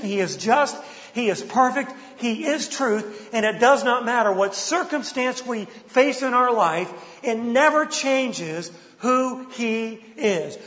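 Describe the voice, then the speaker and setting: Male preacher, high voice, emphatic repeated phrases, muffled sound, long hall reverb. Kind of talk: sermon.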